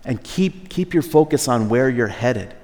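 A man preaching a sermon in a relaxed, conversational way, at times exasperated. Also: mid-range voice, unhurried. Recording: long hall reverb.

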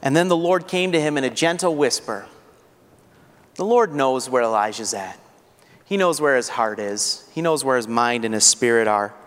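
A man's voice: mid-range voice, animated, normal speed, a bit bright. A man preaching a sermon as pastor, earnest and building to fervent rhetorical questions. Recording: long hall reverb.

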